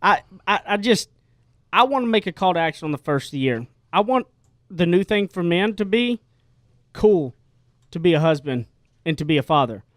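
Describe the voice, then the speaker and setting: A man's voice: sits high, lively intonation, normal speed, fairly bright tone, no echo, clean studio sound. A man hosting a casual radio talk show, telling stories with lots of energy and frequent restarts. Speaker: host.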